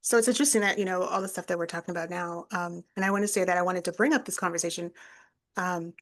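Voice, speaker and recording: A woman co-hosting a podcast, speaking in a measured, reflective way with frequent ums. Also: on the low side, fairly even intonation, fairly bright tone. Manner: measured, thoughtful, fillers like um. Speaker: podcast co-host. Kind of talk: reflective conversation.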